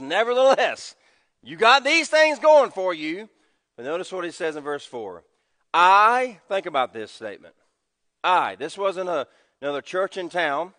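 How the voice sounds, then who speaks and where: A man preaching a sermon as pastor, swinging from loud emphasis to hushed low tones. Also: big-room sound. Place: church sanctuary.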